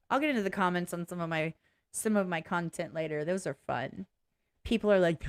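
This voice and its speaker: A woman with a lowish, expressive voice talks fast as the host of a reaction video. Her casual personal commentary is frank and blunt, full of rambling, swearing and self-interruptions.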